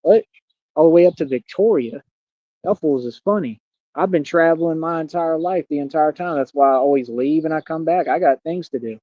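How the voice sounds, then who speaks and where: A man's voice: fairly high pitch, brisk, no room sound. A man in his thirties ranting on a livestream in a brash, boastful, confrontational way. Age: 30s. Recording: dull lo-fi dry sound.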